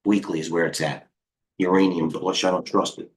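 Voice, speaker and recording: Excitable low-voiced American trading coach. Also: male voice, fairly quick, a little hiss or hum. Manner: excitable, rambling, jumps between tickers with quips. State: out of breath. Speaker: trading coach hosting a live stream. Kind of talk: live market commentary.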